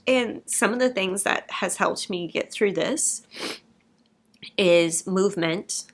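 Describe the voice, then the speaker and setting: A woman's voice: medium pitch, slow. A young woman in a candid personal vlog, talking openly and emotionally to camera and swearing casually. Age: young adult. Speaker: vlogger.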